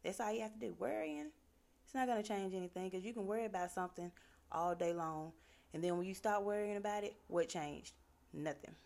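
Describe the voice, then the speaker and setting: A woman's voice: medium pitch, fairly quick, vocal fry, a little mellow. A woman giving a casual motivational talk in an earnest, conversational way, with lots of "like" fillers. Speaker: motivational speaker.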